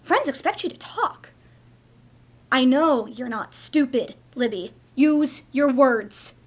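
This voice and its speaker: An actress playing a pushy, exasperated mother in a theatre monologue, nagging and swinging between coaxing and shouting. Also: high voice, lively intonation, takes it slowly, exaggerated voice. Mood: scolding. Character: pushy exasperated mother scolding a silent daughter. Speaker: stage actor.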